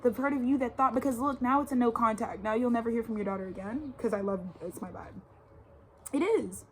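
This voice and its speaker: A woman's voice: fairly high pitch, a little fast, a little hiss or hum. A woman in her twenties from Texas, ranting emphatically in a casual, profane, slang-heavy monologue outdoors by a suburban yard. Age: 20s. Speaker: vlogger. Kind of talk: casual spiritual rant.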